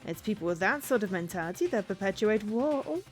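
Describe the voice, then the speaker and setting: A woman voicing a gleeful, mocking male bear mascot villain in a visual novel, in a slow sing-song voice. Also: mid-range voice, lively intonation, over music, close to an everyday voice.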